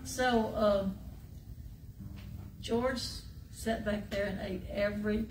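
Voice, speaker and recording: A woman, telling a lively anecdote to fans with plenty of laughter. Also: mid-range voice, slow pace. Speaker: surprise guest on an artist panel. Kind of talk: storytelling to a fan audience. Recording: echoey room, noisy, mic at a distance.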